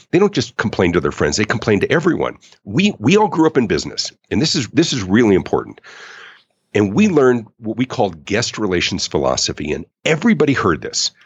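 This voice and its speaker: A man talking as a guest in a podcast interview, emphatic and animated. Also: sits low, slightly rough, dry recording, highs cut off. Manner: animated, emphatic, acts out quoted customers. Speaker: author and customer experience speaker, guest.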